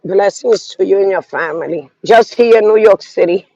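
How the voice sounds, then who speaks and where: Congested man, high voice, rambling outdoor live streamer, dry lo-fi phone sound. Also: normal speed, gravelly, a little mellow, no room sound. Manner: rambling, talks to viewers, trails off. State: congested from sinus trouble. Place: outdoors walking a city street.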